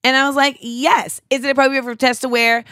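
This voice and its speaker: A woman's voice: high voice, brisk, no echo, clean studio sound. A young adult woman hosting a casual chat, talking bluntly and animatedly with lots of "like.". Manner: blunt, animated, says "like" a lot. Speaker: podcast host.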